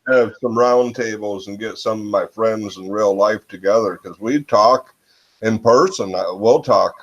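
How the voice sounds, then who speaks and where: A man's voice: fairly low pitch, a little slow, dull audio. A man from Michigan hosting a casual chat over a video call, musing and hesitant, often trailing off with "I don't know.".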